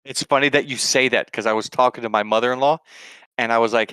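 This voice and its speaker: Laughing, meandering podcast husband. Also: male voice, medium pitch, fairly even intonation, a little fast, sharp tone, clean tone, dry recording. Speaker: podcast co-host. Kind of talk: casual podcast chat.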